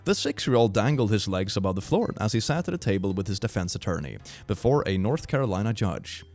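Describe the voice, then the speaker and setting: A young man giving casual reaction commentary, sarcastic and quick to laugh, with frequent puns. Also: lowish voice, sing-song, darkish tone, soft background music.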